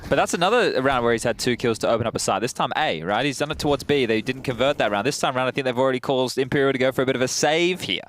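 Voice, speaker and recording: A man rattles through live esports commentary at a brisk clip. He plays the teasing moderator between his co-casters, his voice at an ordinary middle pitch. A faint hiss sits under the recording. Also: fairly bright tone. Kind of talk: live match commentary with banter.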